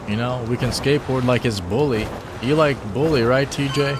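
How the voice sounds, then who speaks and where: A man's voice: medium pitch, normal speed, background noise. A man joking loosely in slang while live-streaming a game. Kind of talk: casual live-stream commentary.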